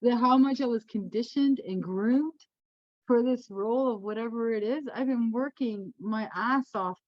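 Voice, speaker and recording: A woman medium from Canada, telling stories in a casual interview, animated and profane, laughing often. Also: on the high side, normal speed, dry recording. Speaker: guest, spiritual medium. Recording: dull lo-fi sound.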